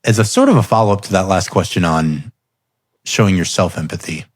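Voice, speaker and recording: Deep voiced podcast guy in his 30s, dry sound, chatty storyteller. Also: brisk, no room sound. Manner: animated storyteller, laughs often. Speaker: podcast host. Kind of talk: casual storytelling conversation.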